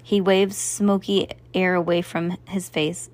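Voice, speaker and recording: A woman's voice: fairly low pitch, level tone, slow pace, darkish tone. A woman narrating a storybook, often stumbling and restarting her phrases. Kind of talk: storybook reading.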